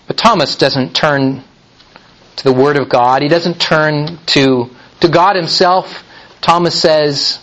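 Slow, deliberate male preacher. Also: fairly high pitch, fairly bright tone, highs cut off. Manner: deliberate, emphatic delivery with repeated restarts. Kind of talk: sermon.

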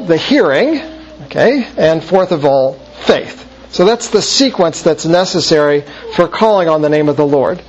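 A man's voice: a little high, a little hiss or hum. A man giving an explanatory Bible study talk, stopping often to correct himself with small fillers. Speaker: Bible teacher. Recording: dull lo-fi sound with faint ambience.

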